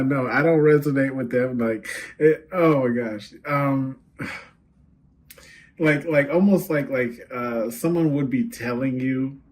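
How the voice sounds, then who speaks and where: A man giving a casual tarot reading as host, chatty and quick to laugh, often checking in with "right?" and "okay?". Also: mid-range voice, a little hiss or hum. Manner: laughs easily, rambles with fillers. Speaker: tarot card reader.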